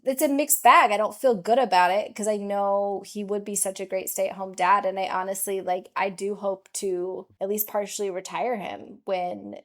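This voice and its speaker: A woman co-hosting a podcast in a casual, chatty way. She tells stories in an animated, talkative flow, her voice sitting at a middle pitch for a woman. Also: normal speed, hardly any pauses. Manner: chatty, animated storytelling with laughs. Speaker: podcast co-host. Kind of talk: casual chat.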